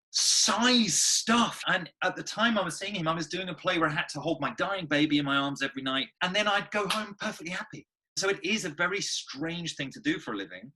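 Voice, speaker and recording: A man, an actor and guest on the show, telling stories in a lively, expressive way. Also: a little high. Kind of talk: animated conversational storytelling.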